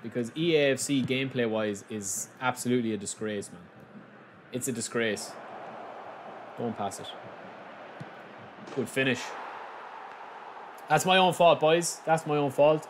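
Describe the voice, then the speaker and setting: A man from the giving excitable, frustrated live commentary on a football video game, talking to his viewers as lads. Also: medium pitch, a little slow, pauses often, background noise. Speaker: gaming YouTuber.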